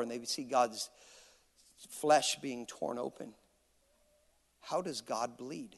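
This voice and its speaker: A man preaching a sermon as dramatic storytelling, acting out the people in the story and swinging between shouting and hushed tones. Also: medium pitch, takes it slowly, gravelly, long pauses. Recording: long hall reverb.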